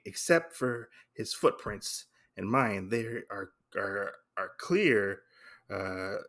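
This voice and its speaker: A man's voice: on the low side, vocal fry, a bit bright. A man hosting his own podcast, recapping a comic book in a rambling, casual way with lots of fillers and restarts. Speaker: podcast host.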